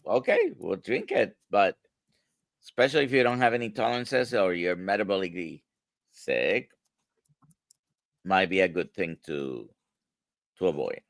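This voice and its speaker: A man with a Spanish accent, a doctor co-hosting a live show, speaking in an animated way. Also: sits low, moderate pace, long pauses, dry recording. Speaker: doctor and co-host.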